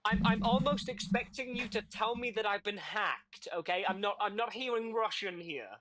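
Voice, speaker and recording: Mocking man, slightly high voice, ribbing debate guests. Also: moderate pace, fairly bright tone. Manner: teasing, mocking, laughs often. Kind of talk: casual online debate.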